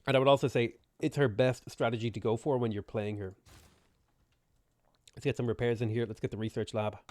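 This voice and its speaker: A man's voice: mid-range voice, fairly quick, no echo. Give me a man with a sore throat giving laid-back live game commentary in a dry, dead room. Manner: relaxed, chatty, muttering game moves to himself. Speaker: streamer playing a strategy game. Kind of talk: live gameplay commentary, reading chat.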